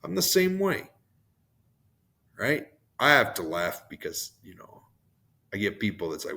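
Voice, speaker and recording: A man hosting a motivational podcast, his voice hoarse and worn out, rambling off on tangents and laughing at himself. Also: on the low side, very animated, unhurried, long pauses, sharp tone. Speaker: podcast host.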